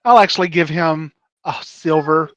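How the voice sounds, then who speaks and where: A man's voice: a little high, normal speed, no room sound, muffled recording. A man playing in a tabletop game, speaking politely and diplomatically. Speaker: player. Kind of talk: casual tabletop play.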